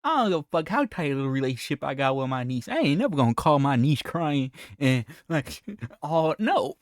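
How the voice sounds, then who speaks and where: A man's voice: medium pitch, sing-song, normal speed, hardly any pauses, no room sound, studio quality. A man, hosting reaction commentary and mocking the footage in a blunt, profane way. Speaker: reaction video host. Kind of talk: casual commentary.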